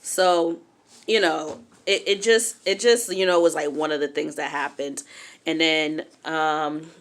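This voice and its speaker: Her voice sits low and her pace is a touch slow. This young adult woman tells a story from her own life in a relaxed, frank way, animatedly performing the quotes of others.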